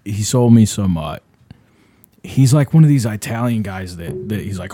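A man's voice: fairly low pitch, animated, moderate pace, mellow. New guy on a podcast, cursing, rambling about food, chill banter. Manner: profane, rambling storyteller. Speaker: podcast co-host.

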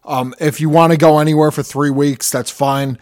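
A man's voice: on the high side, fairly even intonation, normal speed, a little mellow. Self-deprecating man in a casual chat. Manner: self-deprecating, profane, stammers. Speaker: podcast co-host.

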